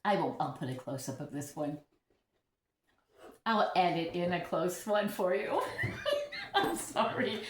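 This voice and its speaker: A woman's voice: lowish voice, animated, unhurried, long pauses, reverberant, a little hiss or hum. A woman vlogging casually about her orchids at home, chatty and giggly, often laughing at herself. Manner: chatty, giggly, self-deprecating. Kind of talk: casual vlog chat.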